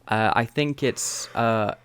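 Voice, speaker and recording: A man's voice: medium pitch, slow pace, fairly bright tone, clear, resonant tone. A Scottish man co-hosting a podcast, chatting casually and hesitantly about a TV episode, laughing often. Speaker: podcast co-host. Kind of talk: casual chat reviewing a TV episode.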